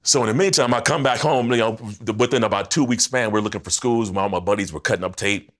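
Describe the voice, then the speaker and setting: A deep, low-voiced man in his fifties tells his story as a podcast guest. He is animated and slangy, and laughs often as he goes. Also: fast talker. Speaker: guest, former football player.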